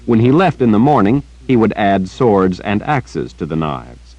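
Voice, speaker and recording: A man narrates a fantasy audiobook in a very deep voice that still moves a lot in pitch. His delivery is steady storytelling, recorded close with a dry, dead sound. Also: measured pace, dry recording, lo-fi sound. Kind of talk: scripted narration.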